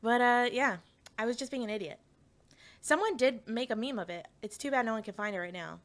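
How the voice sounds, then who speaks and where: A young woman from Canada with a fairly high voice, chatting casually on a stream. She rambles, laughs often, restarts her sentences and talks straight to her chat. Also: brisk.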